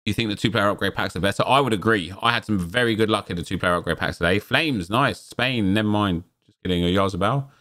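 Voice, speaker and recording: Male gaming host, lowish voice, chatty pack-opening commentary with sudden excited yelps. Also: quick pace. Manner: chatty, jumps into excited exclamations at pulls. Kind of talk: casual gameplay commentary.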